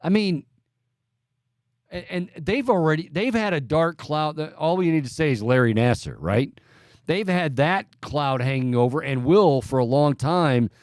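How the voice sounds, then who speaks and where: A man's voice: on the high side, animated, no room sound. Chatty male sports radio host, dry sound. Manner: chatty, halting restarts. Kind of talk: casual sports talk radio.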